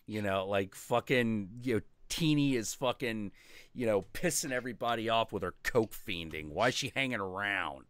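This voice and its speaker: A man's voice: lowish voice, lively intonation, brisk, fairly bright tone, no echo. A man hosting a stream, chatting casually and telling rambling, profane stories that he acts out in quoted voices. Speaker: stream host. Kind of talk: casual chat.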